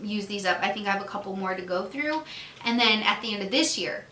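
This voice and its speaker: Woman, beauty vlogger, casual chatty review, bright tone, echoey home room. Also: medium pitch, expressive, fast talker, slight background noise. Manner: chatty, giggly, acts out little dialogues. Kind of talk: casual product review chat.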